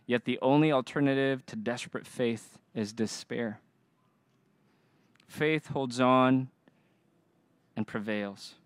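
A man's voice: medium pitch, slow pace, long pauses, smooth, dry recording. A young adult man preaching a sermon, earnest and emphatic, asking the congregation to respond. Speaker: pastor.

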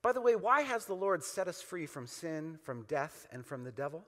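Pastor, male, high bright voice, emphatic repeating sermon delivery, hall reverb. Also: big pitch swings, moderate pace. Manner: emphatic, repetitive call-and-response preaching.

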